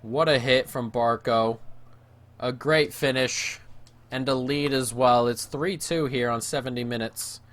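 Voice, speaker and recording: A gaming YouTuber talks a little slowly as he provides live play-by-play of the football video game match he's playing. His mood shifts from excited shouts at goals to low, gloomy muttering at errors.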